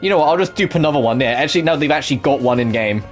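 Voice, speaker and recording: A man's voice: fairly high pitch, animated, very fast, faint music behind. A man casually commentating a video game as he plays, swearing often and laughing at his own mistakes. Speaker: gaming YouTuber. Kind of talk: let's play commentary.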